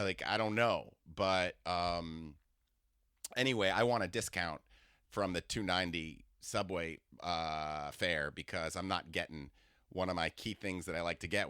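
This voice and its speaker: A man's voice: deep voice, sharp tone, smooth, no room sound, studio quality. A man hosting a comedy podcast, telling stories in a rambling way and often breaking off mid-sentence. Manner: rambling, self-interrupting storytelling. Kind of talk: comedic solo monologue.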